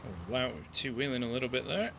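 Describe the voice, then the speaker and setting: A man's voice: medium pitch, lively intonation, a little fast, background noise. A man chatting in rambling asides as he plays a game on a live stream. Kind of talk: live gameplay commentary.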